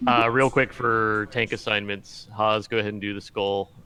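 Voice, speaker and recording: A man leads the raid over voice chat, handing out assignments in a relaxed, matter-of-fact way. His voice is bright and sits a bit low. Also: normal speed, clear, resonant tone. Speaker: raid leader. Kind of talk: casual voice chat during a game raid.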